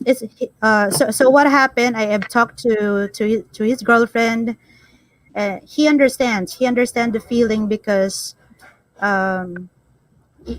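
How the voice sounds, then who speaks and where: Female host, halting casual delivery, slow and fairly high. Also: no echo, low-quality recording. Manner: halting, many restarts and fillers. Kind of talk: casual chat.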